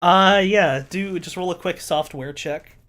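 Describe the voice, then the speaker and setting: A man's voice: sits high, measured pace, a crowd in the background. A man narrating as game master in a casual, profane way, laughing often.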